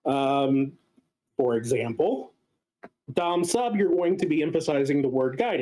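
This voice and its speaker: A man with a fairly high voice walks listeners through a theory in a casual lecture. He talks in a loose, explanatory way and fills his pauses with ums and uhs. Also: lively intonation, warm tone, rough recording. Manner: explanatory, many filler sounds. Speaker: guest speaker.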